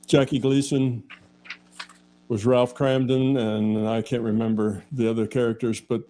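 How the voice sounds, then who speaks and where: A man's voice: mid-range voice, little pitch movement, measured pace, warm tone, slight background noise. An older man answering as a guest in a casual chat, thoughtful and a little hesitant.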